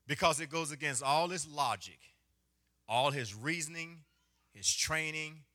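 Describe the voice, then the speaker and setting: A man preaching a sermon as pastor, swinging from hushed phrases to loud, half-sung lines. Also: on the high side.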